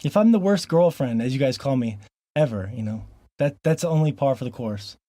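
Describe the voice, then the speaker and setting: A man's voice: medium pitch, animated, fairly quick, warm tone, no echo. A man from Montana hosting a casual podcast, joking and laughing often between frequent ums. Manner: jokey, laughs often, fillers like um. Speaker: podcast host.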